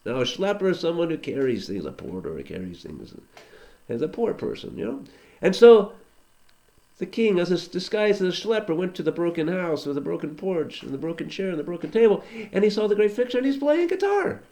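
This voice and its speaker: Animated male teacher telling a children's story. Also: high voice, fairly quick. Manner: animated, conversational, asides to listeners.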